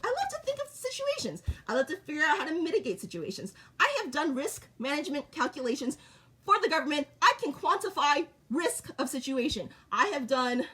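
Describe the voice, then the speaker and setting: A woman's voice: high voice, sharp tone. A middle-aged woman vlogging in short, repetitive, blunt sentences. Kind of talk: casual monologue to camera.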